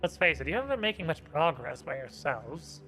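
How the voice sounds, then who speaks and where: A man voicing a scheming, condescending male vampire lord in a low, menacing voice with reverb on it. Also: sing-song, bright, forceful tone, faint music behind, full character voice. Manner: slow, cool and condescending.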